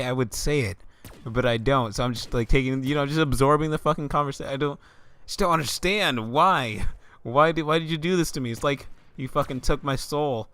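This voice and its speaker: A man's voice: medium pitch, fairly bright tone, clear, resonant tone. A young man ranting in a comedic vlog, swearing often and stammering into exasperated outbursts. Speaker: vlogger.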